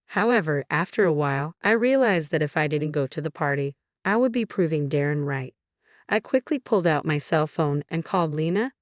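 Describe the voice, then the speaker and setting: A woman reads a first-person story in a low, even voice. Her delivery is measured and unhurried. The recording is dry and close, with no room around her. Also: no room sound. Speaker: narrator.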